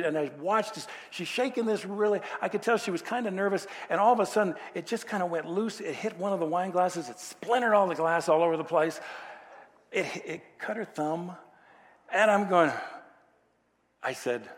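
Folksy pastor in a reverberant hall. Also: male voice, high-pitched, expressive, a little fast, a bit bright. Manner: folksy, self-deprecating storytelling. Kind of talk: sermon with personal story.

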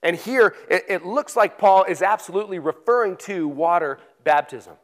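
A pastor with a notably high voice delivers a relaxed, conversational sermon. He reads scripture aloud slowly and with emphasis, then explains it in everyday words.

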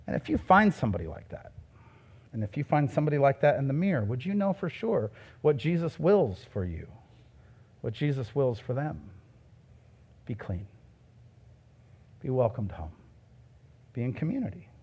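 A middle-aged male pastor preaching a sermon in a conversational way, with loud emphatic peaks and soft asides. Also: medium pitch, big pitch swings, moderate pace, long pauses, breathy edge.

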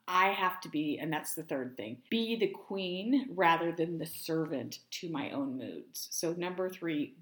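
A woman sharing self-help tips through a casual personal story, chatty and lively, often repeating words as she goes. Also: lowish voice. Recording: roomy echo.

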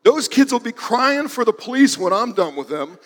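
A man voicing a fuming, ornery neighbor woman who yells threats. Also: very high-pitched, sing-song, moderate pace, in a large hall, voice pushed up, exaggerated voice. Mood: furious. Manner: yelling threats.

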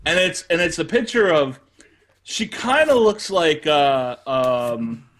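A male caller joins the hosts for relaxed, joking chat. He is wry and self-mocking, and his voice sits slightly high for a man. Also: slow pace. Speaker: call-in guest. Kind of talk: casual chat.

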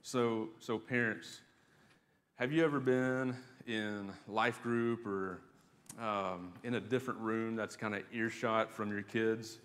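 A man gives a sermon in a relaxed, talky way, often doubling back on his words as he speaks to the congregation and the children. His voice sits a little low. His voice rings with the long reverb of a church sanctuary. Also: slow pace. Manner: conversational preaching with fillers and repeated words. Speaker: pastor.

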